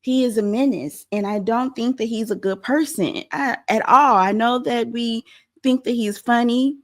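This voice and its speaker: A woman hosting a pop-culture show, giving animated, opinionated commentary on a clip and talking straight to her viewers. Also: a little high, normal speed.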